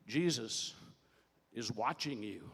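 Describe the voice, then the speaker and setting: A pet parrot with a low, flat croak that repeats the same dark warning over and over, as a man puts it on while telling a joke. The voice rolls out through a long hall reverb. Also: slow pace, full character voice. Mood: ominous.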